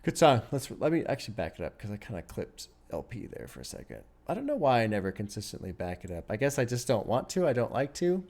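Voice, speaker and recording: A man's voice: medium pitch, wildly swooping pitch, fast, hardly any pauses, a little mellow. Musing man reacting to an album. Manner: musing and rambling, chuckles often; wry sarcasm. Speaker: music reaction host. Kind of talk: casual reaction commentary.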